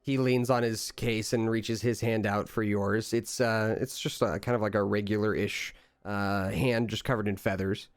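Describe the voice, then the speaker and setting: A man running a tabletop game as game master, narrating in a relaxed, halting way with many fillers. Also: lowish voice, smooth, no room sound, clean studio sound.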